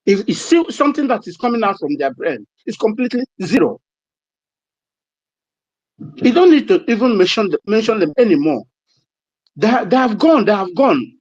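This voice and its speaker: A man's voice: sits high, big pitch swings, moderate pace, long pauses, a little mellow, dry recording. A man making an urgent, emphatic submission in an online discussion, repeating his points. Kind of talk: impassioned political submission. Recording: muffled lo-fi audio.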